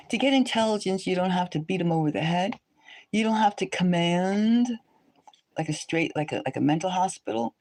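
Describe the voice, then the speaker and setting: A woman hosting a psychic livestream, talking in an animated, emphatic way that slips into soft whispers. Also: mid-range voice, low-quality recording. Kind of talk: casual livestream rant.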